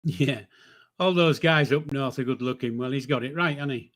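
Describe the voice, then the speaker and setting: A man's voice: mid-range voice, normal speed, fairly bright tone. Chatty older man on a livestream. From northern England. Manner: chatty, rambling, jokey, with frequent fillers and self-corrections. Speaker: livestream host reading chat. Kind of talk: casual live-stream chat.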